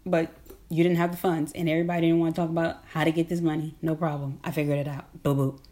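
A woman with a very low voice delivers a casual, rambling monologue. She talks emphatically in slang, laughs often, and circles back to repeat her points. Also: little pitch movement, fast talker, mellow.

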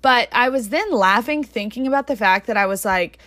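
Fast-talking young woman podcaster, dry sound. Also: fairly high pitch, expressive, fairly bright tone, no room sound. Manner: fast rambling talk with many fillers. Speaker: podcast host. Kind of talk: casual solo podcast chat.

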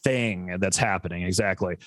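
Low, dry-voiced rambling man. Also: normal speed, a bit bright, no echo. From USA. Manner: profane, rambling, many stammered repeats. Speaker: podcast co-host. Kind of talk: casual chat.

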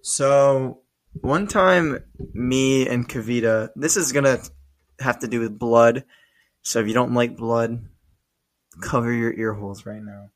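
A man's voice: medium pitch, a little slow. Young man co-hosting, loose and swearing. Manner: loose, swearing, animated storyteller. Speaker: podcast co-host. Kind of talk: casual chat.

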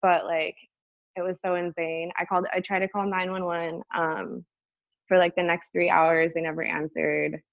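Woman, casual storytelling, animated, lots of "like", swearing, dry dull recording. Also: fairly low pitch, normal speed, gravelly, no room sound. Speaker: guest telling a personal story.

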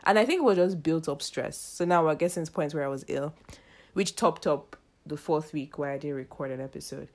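A woman's voice: sits low, brisk, darkish tone. A young woman, hosting her own podcast in a casual, chatty way, laughing often and acting out quoted dialogue. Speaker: podcast host. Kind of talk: casual chat.

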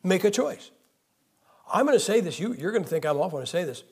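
A man's voice: high voice, big pitch swings, a little fast, a little mellow, breathy edge. A man preaching a sermon in a church, conversational and emphatic, with joking asides. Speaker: guest preacher.

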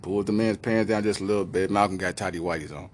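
A man's voice: deep voice, fast talker, a little hiss or hum. A man telling a long comic story casually, restarting and correcting himself as he goes. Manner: animated, acts out voices, restarts. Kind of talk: comedic storytelling.

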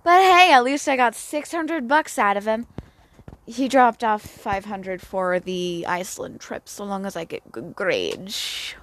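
A woman's voice: medium pitch, lively intonation, unhurried. A girl in her late teens ranting casually outdoors into her phone, blunt, profane and self-mocking. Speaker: vlogger. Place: outdoors near home at sunset.

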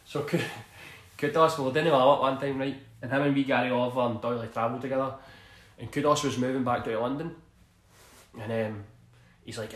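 Brisk and steady in a mid-range voice, this Scottish former footballer in his thirties rambles through stories in a casual interview, laughing frequently and asking "do you know what I mean." The space sounds reverberant.

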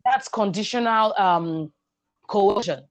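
A woman educator explaining her ideas in a measured, emphatic way on a podcast. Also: medium pitch, no room sound. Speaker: guest, sexual and reproductive health educator. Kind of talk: podcast conversation.

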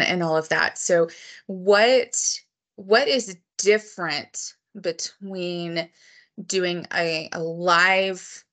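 A woman hosts a book podcast in a casual interview chat, talking easily but hesitantly, with lots of ums and restarts. Her voice sits on the low side with a fairly bright tone.

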